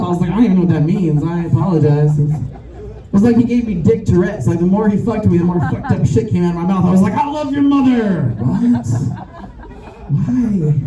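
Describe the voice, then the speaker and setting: A woman's voice: on the low side, warm tone, muffled recording. A middle-aged woman performing a brash, profane stand-up comedy set with crowd work. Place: rooftop bar show with a live audience. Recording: echoey, distant mic, crowd noise.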